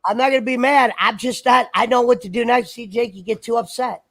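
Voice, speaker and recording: A man's voice: extremely high pitch, brisk, pushed and bright. A man chatting on a livestream in a rambling, argumentative, profane way. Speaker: stream guest. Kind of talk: casual livestream chat.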